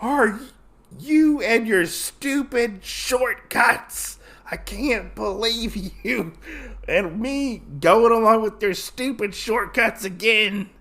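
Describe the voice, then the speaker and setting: A man's voice: sits high, slow pace, pushed and bright, pitched above the performer's own voice, exaggerated voice. A man voicing an exasperated male rabbit samurai who scolds his companion in a raised voice. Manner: annoyed, exasperated.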